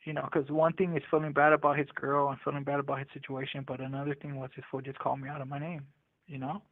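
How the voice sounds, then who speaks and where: A man's voice: mid-range voice, flat delivery, quick pace, no echo. A man telling a story from his own life in casual street slang, often restarting his sentences, heard over a phone call. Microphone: prison phone. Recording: tinny dry phone line.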